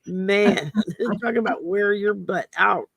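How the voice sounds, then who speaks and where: Middle-aged woman, gravelly, candid storyteller on a casual talk show. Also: medium pitch, slow, no room sound, clean studio sound. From Southern United States. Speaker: co-host. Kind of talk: casual chat.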